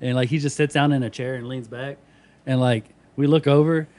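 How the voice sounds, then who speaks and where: A man's voice: mid-range voice, fairly even intonation, brisk, a little mellow. Mumbling profane guest man. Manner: loose, profane, mumbling storytelling. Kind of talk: casual chat.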